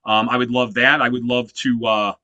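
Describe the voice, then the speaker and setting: Fifties guy, musician guest, bright punchy voice, dry sound, tells stories loud and animated w lots of "you know". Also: mid-range voice, moderate pace, no echo, muffled recording. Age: 50s. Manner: animated storyteller, heavy use of "you know" fillers. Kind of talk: casual interview chat.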